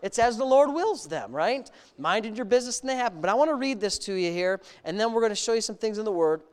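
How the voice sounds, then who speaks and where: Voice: medium pitch, lively intonation, fast, smooth. A preacher giving a sermon, reading a story aloud and stopping to comment and ask the congregation questions, in an earnest, emphatic way.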